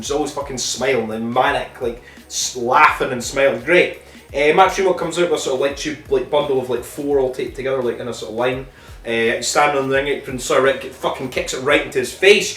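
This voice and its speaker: A man's voice: on the high side, fairly bright tone, far from the mic. A man with a slightly raised voice recaps matches in a loose, rambling way, swearing at every turn and stumbling over ums and self-corrections. He sits some way back from the mic in an echoey room, with faint music playing underneath. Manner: profane, swears constantly. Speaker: wrestling review podcast host.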